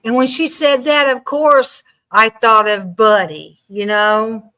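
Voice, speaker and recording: A woman guest chatting casually about a true crime case, easygoing and unhurried. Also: on the high side, bright, forceful tone. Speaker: guest co-host. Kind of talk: casual chat.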